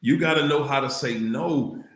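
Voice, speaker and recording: A man hosts a casual livestream, reading viewer comments out loud, repeating phrases for emphasis and breaking into loud exclamations. His voice is mid-range at a moderate pace, in an echoey room.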